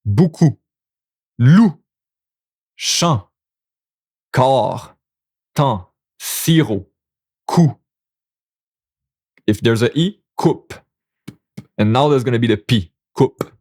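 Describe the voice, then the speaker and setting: Slow, gravelly Québécois man teaching. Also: medium pitch, lively intonation, darkish tone. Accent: Québécois French. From Quebec. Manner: patient, repeats example words, encouraging. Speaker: French teacher. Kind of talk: casual language lesson.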